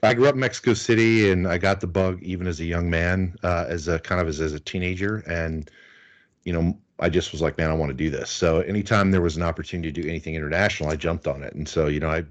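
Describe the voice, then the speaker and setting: This interview guest, a middle-aged American, talks fast in a low, steady voice. He's casual and chatty, telling stories and leaning heavily on fillers.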